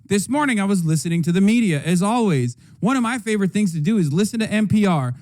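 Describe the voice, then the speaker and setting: A high-voiced man hosts a livestream and reacts to political news. He rants heatedly and sarcastically, swearing freely as he goes. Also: lively intonation, fast, hardly any pauses, a little mellow. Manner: heated, profane, sarcastic ranting. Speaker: streamer host.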